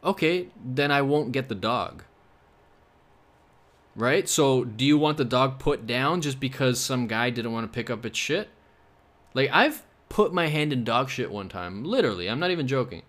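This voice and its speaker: A man's voice: mid-range voice, lively intonation, moderate pace, a bit bright. A young man from Canada hosting his own podcast, rambling casually with sarcastic jokes and asides. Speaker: podcast host. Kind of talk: casual solo podcast chat.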